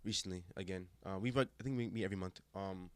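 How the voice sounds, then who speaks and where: A man in his twenties from Germany, guest on a podcast, telling a story with emphatic, animated delivery and many restarts. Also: sits low, fast, clean tone, dry recording. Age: 20s. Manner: animated, emphatic, acts out quoted voices, frequent restarts. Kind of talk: casual storytelling conversation.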